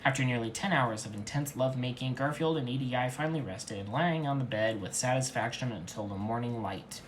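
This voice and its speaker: A man reading a comic fanfiction aloud in a deadpan, mock-serious voice. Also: medium pitch, fairly quick, a little hiss or hum. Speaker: fanfiction reader. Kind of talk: comedic deadpan story reading.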